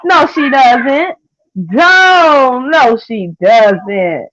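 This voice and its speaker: A young woman, chatting casually with viewers on a livestream in a sassy, trash-talking way with loud cackling laughs. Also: high-pitched, lively intonation, very slow, no room sound. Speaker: livestream host. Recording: dull lo-fi stream audio.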